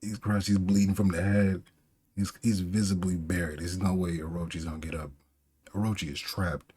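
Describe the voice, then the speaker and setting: Man, reaction host, casual commentary, low-pitched, husky, chatty. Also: level tone, moderate pace, darkish tone. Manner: chatty, laughs often, restarts words. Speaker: manga reaction channel host.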